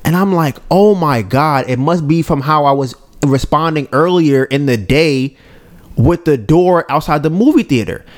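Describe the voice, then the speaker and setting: A man's voice: fairly high pitch, normal speed. A man co-hosting a podcast, telling a personal story in a casual, conversational way and often checking in with his listeners. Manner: animated, acts out his own and others' lines. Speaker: podcast co-host.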